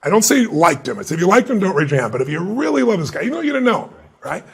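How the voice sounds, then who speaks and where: Gravelly-voiced man telling animated stories. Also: high-pitched, very fast. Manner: animated storyteller, acts out quoted voices. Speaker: guest, motivational speaker. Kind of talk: storytelling interview answer.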